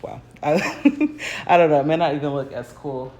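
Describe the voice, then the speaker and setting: A woman's voice: sits low, expressive, normal speed, a little mellow. An American woman in a casual, rambling livestream chat from her home garage. She laughs often and uses lots of fillers as she paints. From United States. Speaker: artist hosting a livestream. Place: home garage, early morning. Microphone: phone livestream.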